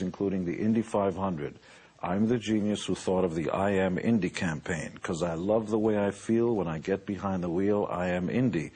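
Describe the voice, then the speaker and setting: A man's voice: deep voice, darkish tone, breathy edge. A man in his sixties, a musician turned businessman, giving a boastful, joking motivational talk. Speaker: musician and entrepreneur.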